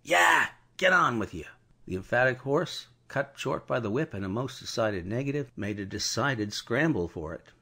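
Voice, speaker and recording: Male narrator, audiobook reading, gravelly, husky, lively melodic delivery. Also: on the low side. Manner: expressive storytelling. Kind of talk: scripted narration.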